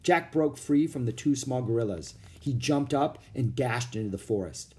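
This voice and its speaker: A man narrating a children's storybook with an expressive reading. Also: mid-range voice, normal speed.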